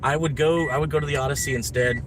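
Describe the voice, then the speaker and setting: A man's voice: on the high side, fairly even intonation, quick pace, noisy background. A man chatting casually on a live stream while driving deliveries, rambling with lots of fillers. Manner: rambling, laid-back, full of fillers. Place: inside a car on delivery runs.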